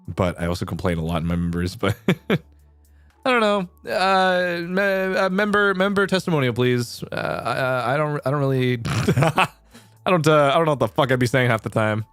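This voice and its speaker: A man's voice: mid-range voice, a bit bright, dry recording. A young man chatting casually on a late-night stream, rambling, restarting sentences and swearing casually.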